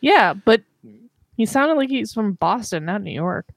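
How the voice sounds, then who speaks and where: A woman's voice: medium pitch, animated, a little slow, gravelly, dry recording, studio quality. A woman on a film podcast, making quips and sharing behind-the-scenes trivia. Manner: quippy, shares trivia. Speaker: podcast co-host. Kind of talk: casual film chat.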